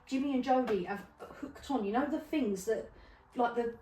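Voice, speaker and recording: A woman's voice: fairly high pitch, normal speed. Woman telling funny stories, roomy. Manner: animated storyteller, laughs often, swears freely. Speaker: podcast co-host. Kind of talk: casual storytelling chat. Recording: roomy, distant mic with faint noise.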